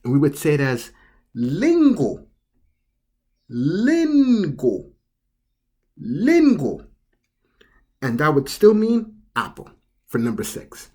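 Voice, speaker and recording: A channel host giving a slow pronunciation lesson, explaining step by step and repeating each word several times with care. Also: medium pitch, sing-song, a little mellow. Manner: explains step by step in plain words. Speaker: language teacher.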